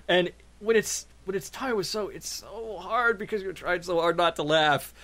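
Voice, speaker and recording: A man, a video reviewer, telling a story in casual podcast chat, animated and laughing often. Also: sits high, normal speed.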